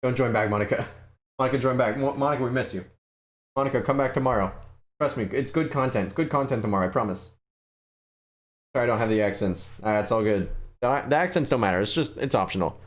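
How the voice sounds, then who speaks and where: A man's voice: medium pitch, fast talker. Joking young man streaming a game. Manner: joking, playful, talks to chat. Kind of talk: casual gameplay commentary.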